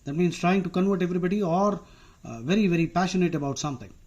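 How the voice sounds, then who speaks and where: A man's voice: high voice, quick pace, darkish tone, dull audio. A man with an Indian accent teaching vocabulary in a casual, chatty way, wandering into asides and using frequent "uh" fillers. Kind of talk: casual explanatory lesson.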